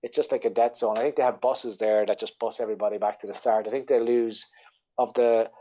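A man's voice: on the low side, steady tone, a little fast, warm tone, dull audio. A man with an Irish accent, a podcast guest telling a rambling story in casual chat, swearing freely and laughing as he goes. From Ireland. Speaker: podcast guest, ultra-runner.

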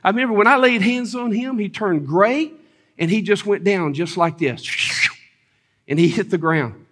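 A preacher man with a high voice tells testimony stories from the pulpit. He talks in an animated way, breaks into loud exclamations and chuckles, and leans on the crowd for agreement. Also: moderate pace. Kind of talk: sermon testimony.

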